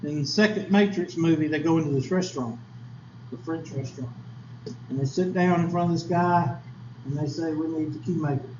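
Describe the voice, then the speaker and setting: A man with a slightly high voice teaches a statistics class, folksy and chatty, tossing questions at his students. The sound is echoey and a bit dull, recorded in a classroom with faint background noise. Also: normal speed. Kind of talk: classroom lecture.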